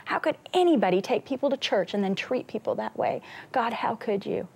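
Woman with a creaky, gravelly voice. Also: fairly high pitch, lively intonation, a little fast, a little mellow. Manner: earnest storytelling, laughs between lines. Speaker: singer, talk-show guest. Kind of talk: personal faith testimony in an interview.

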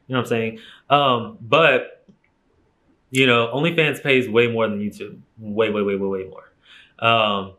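A man's voice: fairly low pitch, fairly bright tone. A young man telling a personal story straight to camera in a casual vlog, candid and emphatic, swearing freely. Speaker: YouTuber.

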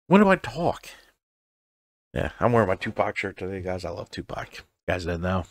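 A man's voice: sits low, big pitch swings, normal speed, no room sound. A man co-hosting a chatty podcast from his home studio, rambling and swearing casually. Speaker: podcast co-host. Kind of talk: casual chat.

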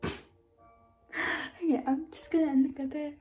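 A woman's voice: high voice, flat delivery, slow, darkish tone, soft background music, low-quality recording. A young woman chatting casually in a vlog, rambling and often dropping into a whisper. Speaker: vlogger. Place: at home and outdoors. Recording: background noise.

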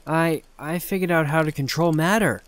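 A man voicing an excitable teenage boy inventor who rambles and boasts, raising his voice to play him. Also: fairly high pitch, moderate pace, no room sound, voice pushed up, close to an everyday voice. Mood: excited.

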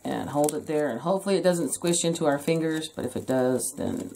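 A woman's voice: low voice, fairly quick, gravelly, mellow, slight background noise. A woman hosting a casual craft tutorial from her home craft room, chatty with jokey asides. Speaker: craft video host.

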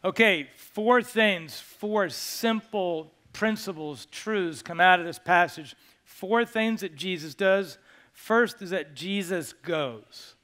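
Animated high-voiced male pastor preaching. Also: takes it slowly. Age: over 25. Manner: animated, joking, coaxing the congregation. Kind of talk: sermon. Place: church sanctuary.

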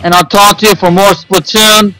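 High-voiced frustrated man commenting on gameplay. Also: little pitch movement, normal speed, bright, forceful tone, faint music behind, low-quality recording. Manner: frustrated, rambling, talks to himself. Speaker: gaming video host.

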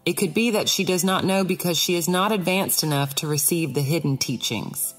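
A woman voicing a sweet, soothing female tea rose who coos gently in a storybook. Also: fairly low pitch, brisk, husky, faint music behind.

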